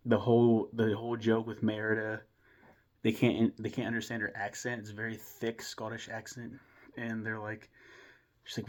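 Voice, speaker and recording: A fairly low-pitched young man talks through a movie review in a loose, rambling way. He gets enthusiastic, trips over his own restarts and swears casually as he goes. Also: completely flat delivery, moderate pace. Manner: rambling and enthusiastic, with mild swearing and self-interruptions. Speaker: film reviewer. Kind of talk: casual film review monologue.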